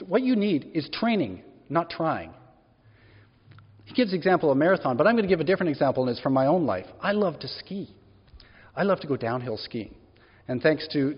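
A man preaching a sermon, chatty and questioning, with a fairly high voice that rises and falls a lot. His tone is a little husky. The recording is dull and lo-fi, with a long reverb from the church hall. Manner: conversational, asks the congregation questions. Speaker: pastor. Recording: echoey hall, dull lo-fi sound.

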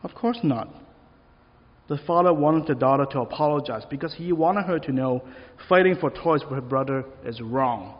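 A man's voice: mid-range voice, moderate pace. A man preaching a sermon in an easy, conversational way, asking the listeners questions. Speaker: pastor. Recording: long reverb, dull lo-fi sound.

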